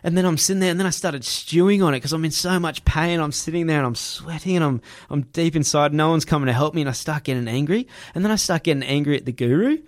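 A man telling a personal story in casual chat, animated, laughing and swearing freely. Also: on the high side, fast talker, hardly any pauses.

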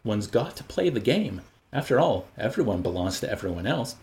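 A man's voice: on the low side, big pitch swings, brisk, a little mellow. A man reading an audiobook voices a prim, conventional young woman in an earnest tone, close to his own voice.

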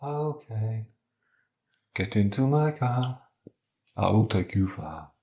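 A man voicing a strange, creepy male drug dealer who speaks slowly and oddly, in a roomy recording. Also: expressive, dark tone, muffled recording. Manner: slow, low, sinister, odd rhymes.

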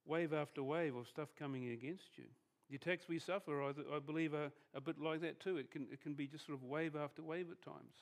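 Brisk and with few pauses, a pastor gives a conversational sermon in a slightly high, steady-toned voice. He tends to restart phrases and quiet down as each thought closes.

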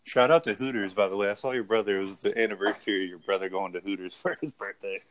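A man's voice: lowish voice, fairly even intonation, fast talker, noisy background. A man co-hosting a podcast, throwing in wisecracking interjections during casual chat. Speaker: podcast co-host.

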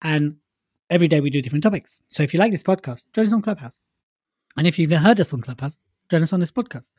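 A man co-hosting a casual podcast, talking in a joking, lively way with quick asides. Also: a little high, no echo, clean studio sound. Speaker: podcast co-host.

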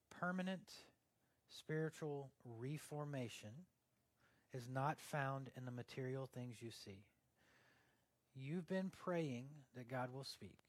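A man delivers a sermon in a fairly high voice, chatty and full of fillers. He moves between loud emphatic stretches and soft, almost whispered passages, recorded dry and close with no room sound. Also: no room sound. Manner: conversational, with fillers like "like" and "uh". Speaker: pastor.

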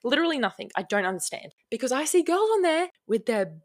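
A woman's voice: high voice, big pitch swings, fast. A young Australian woman hosting her own podcast, chatting casually on a plugged-in mic, swearing freely and ranting. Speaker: podcast host. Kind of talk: casual solo podcast chat.

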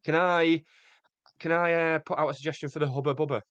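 A man's voice: on the high side, steady tone, fast, a bit bright, no room sound, lo-fi sound. A man co-hosting a comedy podcast, chatting casually with wry, sarcastic quips. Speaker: podcast co-host.

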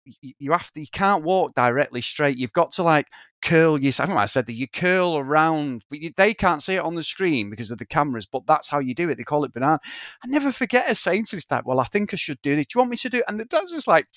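A man's voice: fairly high pitch, quick pace, no echo, clean studio sound. A man in his thirties co-hosting a film podcast, telling stories with lots of swearing and acted-out quotes. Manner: animated storyteller, swears freely, acts out quoted people. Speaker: podcast co-host. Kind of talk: casual film podcast chat.

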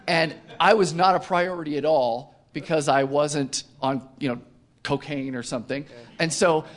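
Man telling a self-mocking story. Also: fairly high pitch. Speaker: company co-founder, interview guest. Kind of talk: casual storytelling in a conversation.

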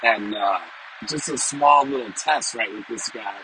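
A middle-aged man of average pitch who rambles in a loose, chatty monologue. He circles back over his points and keeps checking in with his viewers. Clear background noise runs under his voice the whole time. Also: unhurried. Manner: rambling and conversational, repeats himself, often asks "you know?". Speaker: vlogger and sales professional. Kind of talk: casual monologue to camera.

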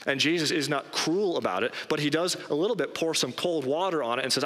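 A man preaching a sermon as pastor, emphatic and rising in pitch on key phrases. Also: quick pace, hardly any pauses, fairly bright tone. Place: church sanctuary. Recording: long hall reverb.

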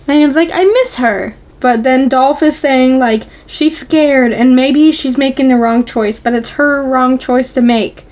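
A woman's voice: high voice, fairly even intonation, a little slow, few pauses, a little mellow. A woman chatting casually as a podcast co-host, speaking with lots of "like" and "um" and an easy giggle. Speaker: podcast co-host recapping a TV episode. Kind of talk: casual chat.

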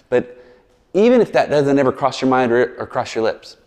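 A man's voice: on the high side, expressive, brisk, darkish tone. A man preaching a sermon as a pastor, chatty and verbose, full of asides and jokes. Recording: long reverb in a large hall.

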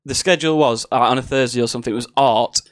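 A man's voice: mid-range voice, fast talker. A young man, a podcast co-host who jokes and teases in casual chat. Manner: joking, teasing.

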